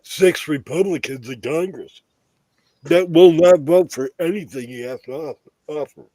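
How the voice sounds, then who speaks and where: A man's voice: on the high side, measured pace, warm tone, no room sound. A man in casual political chat, indignant and swearing about prices and cuts. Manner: indignant, profane.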